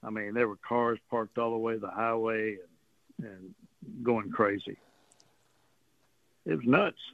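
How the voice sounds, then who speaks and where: Over a tinny phone connection, a radio show guest from the Texas coast tells casual, rambling, folksy stories with frequent chuckles. His creaky voice is fairly low and a little slow, and the recording is dry.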